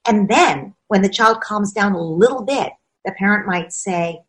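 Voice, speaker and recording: A woman's voice: mid-range voice, measured pace, hardly any pauses, low-quality recording. A woman speaking as a parenting expert in a conversational interview, explaining ideas emphatically and often acting out what parents and children say.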